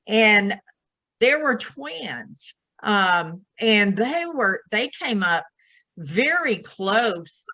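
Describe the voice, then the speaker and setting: Slow-speaking, bright-toned woman. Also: medium pitch, dry recording, poor audio. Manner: thoughtful, affirming, unhurried. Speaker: podcast guest. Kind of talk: casual chat.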